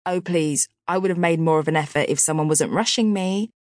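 A woman's voice: deep voice, fairly quick, darkish tone, dry recording, clean studio sound, lightly acted. A woman reading a breezy, cool young woman. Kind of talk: audiobook character voice.

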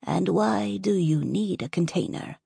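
In an audiobook, a woman puts on a gravelly, breathy fairy godmother, an older woman who is sharp and exasperated. She talks slowly and her lowish voice swoops up and down. The sound is dry and close. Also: expressive, no room sound, heavily acted. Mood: indignant. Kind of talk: audiobook character voice.

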